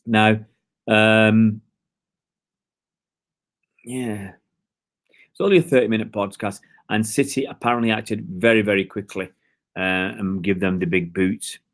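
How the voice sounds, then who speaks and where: Guy doing a casual live stream, lowish voice, lots of ums, rambly chat. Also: steady tone, unhurried, long pauses. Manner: chatty, rambling, hesitant with many fillers.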